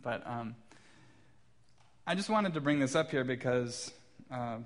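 A man's voice: medium pitch, animated, unhurried. A man in his thirties, a pastor preaching a sermon in a church, telling stories about his young kids with light self-deprecating humor. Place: church sanctuary.

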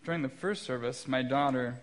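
A man in his thirties preaches a sermon in a church sanctuary, sharing stories about his young kids with light, self-deprecating humor. He's a pastor with a medium-pitched voice and a slightly fast pace.

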